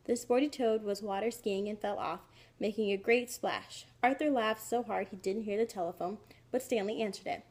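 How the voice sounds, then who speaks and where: A woman narrating a children's storybook in a clear, expressive reading. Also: mid-range voice, normal speed.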